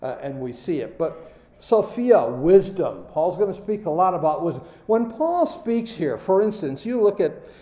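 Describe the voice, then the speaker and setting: A man's voice: on the high side, sing-song, moderate pace, few pauses, dark tone, echoey room, rough recording. A man preaching a sermon, reading scripture aloud and stressing key words as he goes.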